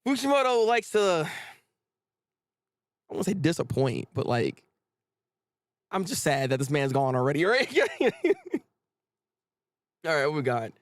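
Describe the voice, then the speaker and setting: Male streamer, live reaction commentary; high, bouncy, gravelly delivery, dry close mic. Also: measured pace, long pauses, no echo. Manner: animated, joking, repeats words when excited.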